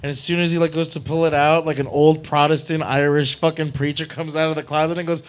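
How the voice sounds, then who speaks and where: A man's voice: on the high side, little pitch movement, fast. A man hosting a live stream show, riffing on crude comedic bits with lots of fillers and laughter. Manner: rambling, laughing, filler-heavy. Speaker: host.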